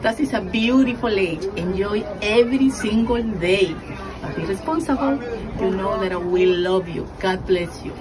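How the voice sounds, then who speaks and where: A woman's voice: medium pitch, moderate pace, low-quality recording. A woman giving doting birthday wishes and motherly advice. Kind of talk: affectionate birthday blessing. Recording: crowd chatter behind.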